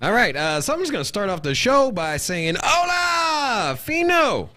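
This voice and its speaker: A man co-hosting a live show from a studio, joking loudly and giving playful shout-outs. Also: high voice, sing-song, brisk. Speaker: co-host of a live crypto show. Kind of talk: hype livestream banter.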